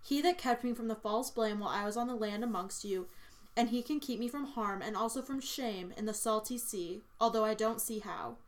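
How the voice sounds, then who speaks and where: A woman's voice: on the high side, a little fast, close to an everyday voice. A woman voicing a devout young mother who prays and grieves over her child, speaking in a tender, prayerful way.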